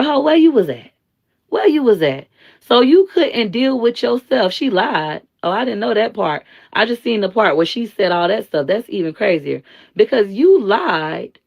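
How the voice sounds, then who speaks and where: A woman hosting a live stream, giving blunt, slangy commentary and telling stories in an animated way. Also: medium pitch, vocal fry. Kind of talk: casual commentary and storytelling.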